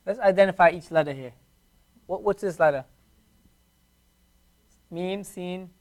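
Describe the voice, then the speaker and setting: A man teaching a beginners' class in a classroom, patiently repeating each word slowly for his students. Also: high-pitched. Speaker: Arabic teacher. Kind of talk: classroom language lesson.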